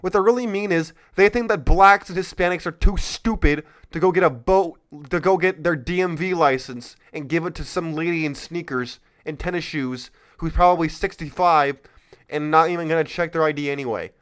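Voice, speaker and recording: A man's voice: fairly high pitch, moderate pace, a bit bright, clear, resonant tone. A man hosting a political commentary podcast, talking in a heated, sarcastic rant. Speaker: podcast host.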